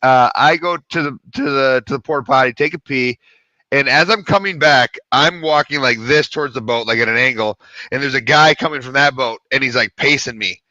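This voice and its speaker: Lively guy telling a story, bright voice, dry slightly dull mic, cusses a lot. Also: mid-range voice, a little fast, no room sound. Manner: animated, swearing, acts out quoted voices. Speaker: podcast co-host. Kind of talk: casual storytelling chat.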